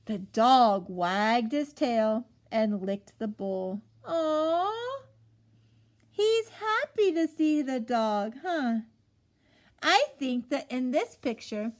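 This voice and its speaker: A young woman reading a picture book aloud to children, asking them questions and gasping as she goes. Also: sits high. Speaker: storyteller.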